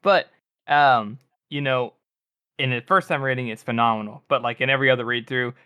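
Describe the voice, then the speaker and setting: A man's voice: mid-range voice, steady tone, brisk, bright, forceful tone, smooth, no echo. A man co-hosting a casual book podcast, rambling and laughing as he talks. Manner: rambling, laughing, lots of fillers. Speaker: podcast co-host.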